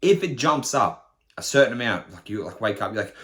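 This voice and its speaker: A man's voice: mid-range voice, very animated, fairly quick, a bit bright. Blunt sweary man ranting. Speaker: personal trainer and podcast host. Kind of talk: casual podcast monologue.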